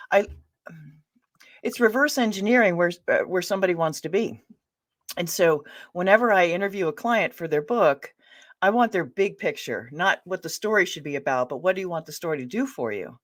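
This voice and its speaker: Woman author chatting in an interview, lowish voice, laughs easy. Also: lively intonation, normal speed. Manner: chatty and laughing, restarts her sentences. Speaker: ghostwriter and author, interview guest. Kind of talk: casual interview answers.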